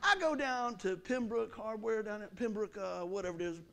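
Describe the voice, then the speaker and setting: A middle-aged preacher with a high, gravelly voice tells a folksy story from the pulpit. He acts out the scene with sound effects and voices, switching between loud, excited bursts and low, confiding asides. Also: moderate pace. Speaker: pastor. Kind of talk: storytelling sermon. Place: church sanctuary.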